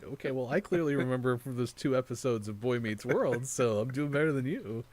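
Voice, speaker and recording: A man's voice: mid-range voice, a little fast, a little mellow. A man hosting a gaming morning show, chatting casually and rambling with laughs. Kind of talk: casual chat. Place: studio.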